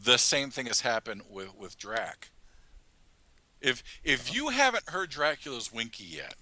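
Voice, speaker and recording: Bright-voiced, self-mocking man, halting chat. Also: medium pitch, very animated, dry recording. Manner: halting, self-mocking, laughs often mid-sentence. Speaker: writer and creator of an audio drama, podcast guest. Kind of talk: casual podcast chat.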